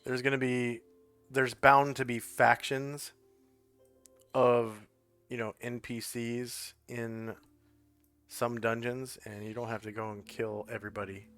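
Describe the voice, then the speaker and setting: A man running a tabletop game as game master, explaining rules in a relaxed, casual way. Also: mid-range voice, slow, clean tone, soft background music.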